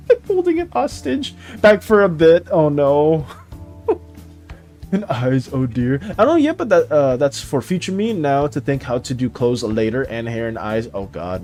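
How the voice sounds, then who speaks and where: A man with a high voice chats to his stream while he draws. He is excitable and dramatic, and his pitch swings widely as he talks. Soft music plays quietly behind him. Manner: excitable and dramatic, laughs often. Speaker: art streamer. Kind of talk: casual live-stream chat while drawing.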